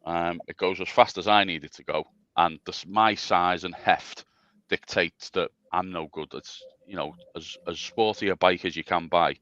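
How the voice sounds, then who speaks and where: A man's voice: low-pitched, steady tone, normal speed, fairly bright tone, no room sound, muffled recording. A man chatting casually as a guest on a livestream, rambling and self-deprecating with stammering restarts. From England. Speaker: special guest.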